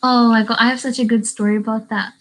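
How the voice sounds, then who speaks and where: A woman's voice: on the high side, little pitch movement, fast talker, fairly bright tone, rough recording. A teenage girl with a Derry accent and a hint of Indian, chatting on a livestream and reading comments in a bubbly, filler-heavy way, on a webcam mic at home. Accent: Northern Irish (Derry) with a hint of Indian. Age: teens. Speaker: YouTuber reading live chat. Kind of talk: casual livestream chat.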